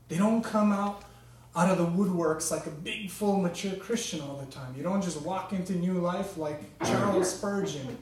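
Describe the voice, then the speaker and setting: Guy preaching from a distance, voice sits a bit high, big echoey church sound. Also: slight background noise. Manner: impassioned, swings from loud pleading to hushed. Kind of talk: sermon. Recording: echoey room, mic at a distance.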